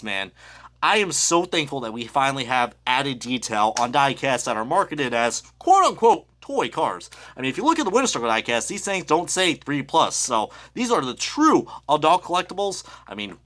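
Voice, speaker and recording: A young man giving a casual live-stream product review, excitable and rambling, cursing and drifting off topic. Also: on the high side.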